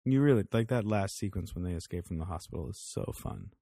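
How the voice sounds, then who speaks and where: A man's voice: low-pitched, expressive, fast talker, warm tone, no echo, studio quality. A man co-hosting a podcast, chatting casually about a TV show, laughing often and acting out the characters' lines. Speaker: podcast co-host. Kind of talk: casual TV review chat.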